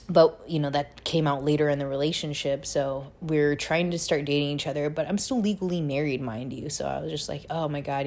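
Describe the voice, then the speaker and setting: Low-pitched young woman host, blunt and profane, casual storytelling full of filler words. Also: darkish tone. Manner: blunt and profane, heavy use of "like". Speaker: podcast host telling her life story.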